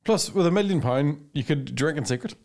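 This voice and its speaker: Lively deadpan co-host man. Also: a little high, brisk. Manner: deadpan, crude one-liners. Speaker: podcast co-host. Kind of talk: casual banter.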